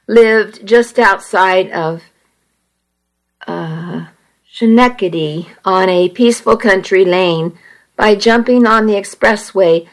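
A young woman in her twenties reads a first-person story aloud in a slow, deliberate way. Her delivery is wry and unhurried, letting each phrase settle. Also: medium pitch. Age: 20s.

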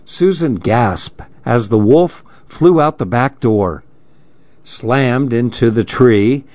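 A man hosting a program, reading a children's story aloud in a gentle, measured way. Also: mid-range voice, animated, dry recording, lo-fi sound.

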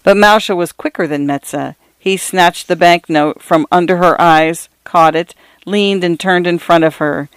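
A woman hosting a radio program, reading short stories aloud in a measured literary style. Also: lowish voice, clear, resonant tone, no echo. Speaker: radio host and reader. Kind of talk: scripted short story narration.

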